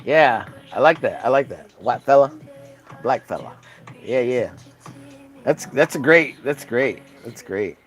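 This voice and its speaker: Rambling man streamer from Texas. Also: medium pitch. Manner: rambling, filler-heavy storytelling. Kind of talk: casual chat while drawing live.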